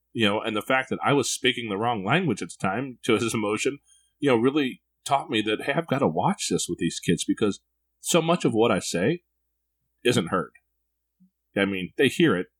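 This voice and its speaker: A man in casual conversation, candidly telling reflective personal stories as a podcast co-host. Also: fairly low pitch.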